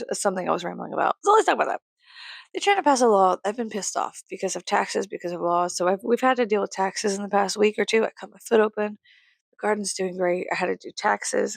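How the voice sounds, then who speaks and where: Rambling young woman with a gravelly voice. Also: mid-range voice, dry recording. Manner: rambling, swearing, laughing often. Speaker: YouTuber. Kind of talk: rambling casual vlog. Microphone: close mic.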